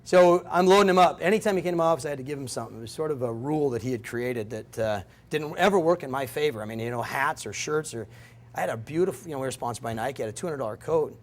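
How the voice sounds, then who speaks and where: A middle-aged guest lecturer tells stories in a lecture room, rambling and interrupting himself. His medium-pitched voice is animated and quick.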